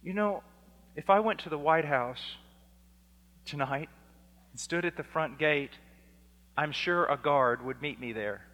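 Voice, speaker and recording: A man preaching a fiery sermon, dropping to a hush and then rising to shouts as he acts out exchanges. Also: fairly high pitch, measured pace, pauses often. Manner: swings from hushed to shouting, acts out dialogues. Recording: long hall reverb.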